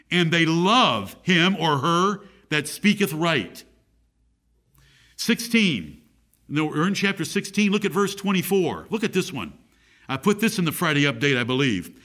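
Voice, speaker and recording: Emphatic preacher man, lively pitch. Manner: emphatic, repeats key phrases, reads scripture aloud. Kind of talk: sermon.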